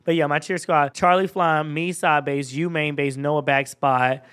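A man as a podcast guest, telling stories in a sassy, animated way and laughing easily. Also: on the high side, measured pace, smooth. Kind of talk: casual storytelling chat.

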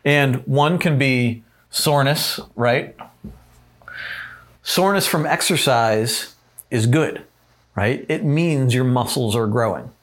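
A man talks through an informal lesson as he writes on a board. His delivery is loose and conversational, full of fillers and tag questions. His voice sits at an ordinary middle pitch. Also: slow pace. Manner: casual and rambling, many fillers and tag questions. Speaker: teacher. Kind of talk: informal talk on growth and pain, writing on a board.

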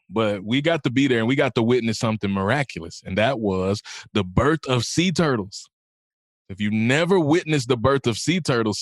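A man's voice: fairly low pitch, no echo, clean studio sound. A man, a guest and inspirational speaker, telling a personal story in an interview and rising into an impassioned, sermon-like encouragement. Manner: builds from calm storytelling to rising preacher-like exhortation.

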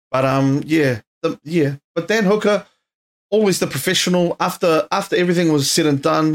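A tired man with a New Zealand accent talks into his podcast mic in a loose, rambling way. He swears freely and leans on slang and fillers as he drifts from one thought to the next. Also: on the high side. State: tired, yawning. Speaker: podcast host. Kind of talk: casual solo podcast chat. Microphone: podcast microphone.

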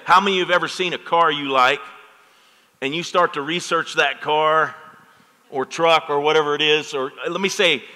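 A man's voice: a little high, steady tone, normal speed, pushed and bright. A middle-aged man preaching a sermon as pastor, talking with the congregation and asking for amens. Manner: preaches with call-and-response asides to the congregation. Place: church sanctuary. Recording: long hall reverb.

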